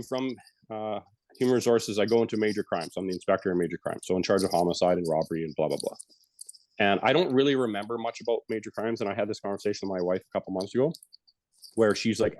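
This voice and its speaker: Low-voiced man, frank storyteller. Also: darkish tone, no echo. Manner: frank and casual, with some swearing. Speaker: retired police officer and yoga teacher, guest speaker. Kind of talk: guided breathing, then candid personal story.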